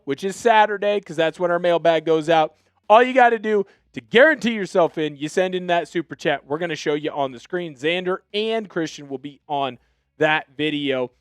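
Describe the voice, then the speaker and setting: A young man hosting a live sports show, hyped and energetic, shouting out viewers by name. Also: high-pitched, smooth, no echo. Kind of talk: live-stream sports chat.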